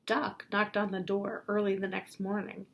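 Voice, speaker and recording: A woman reading a picture book aloud to children in a gentle, playful way, pausing to point out the pictures. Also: medium pitch, level tone, creaky, slight background noise. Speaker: storybook reader for children.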